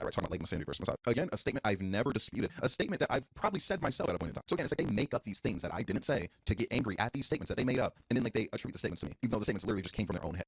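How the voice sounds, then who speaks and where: A young man streaming, ranting in a casual, animated way that leans heavily on filler words. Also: mid-range voice, husky, dry recording. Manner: fast, animated, heavy use of "like". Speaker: streamer and YouTuber. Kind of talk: casual live-stream rant.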